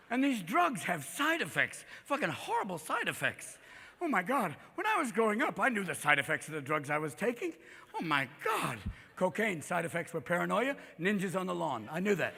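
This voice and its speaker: A man's voice: sits high, big pitch swings, moderate pace, vocal fry, background noise. A man performing live stand-up comedy on stage, manic and profane, constantly jumping into voices. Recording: live reverberant hall.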